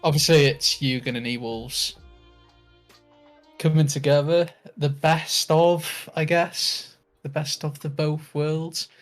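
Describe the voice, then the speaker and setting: A man's voice: a little high, fairly even intonation, takes it slowly, soft background music. A man co-hosting a live-streamed gaming podcast, rambling through casual banter, laughing and swearing now and then. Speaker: podcast co-host.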